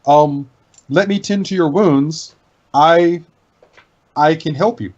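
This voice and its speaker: A man voicing a gentle tentacled mind-reading monster in a tabletop game, speaking softly and reassuringly. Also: fairly high pitch, slow. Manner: soft and reassuring. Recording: lo-fi with faint background noise.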